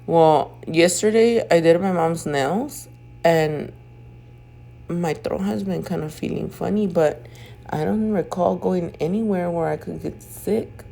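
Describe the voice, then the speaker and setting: A just-woken woman talks through a casual nail-video voiceover from home, her voice sitting low and full of gravelly fry. She chats in loose, swear-heavy slang and sounds drowsy, with a throat that keeps catching. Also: slow, mellow. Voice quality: throat feels off, clears throat. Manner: chatty, profane, slangy storytelling. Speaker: nail artist and video host. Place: at home doing her makeup.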